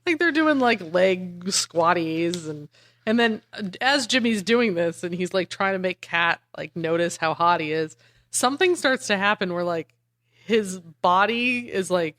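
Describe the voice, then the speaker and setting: A woman's voice: on the low side, expressive, unhurried, fairly bright tone, no room sound, clean studio sound. A woman co-hosting a podcast, animatedly retelling a comic book plot with lots of "like" and casual swearing. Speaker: podcast co-host. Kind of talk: casual chat recapping a comic.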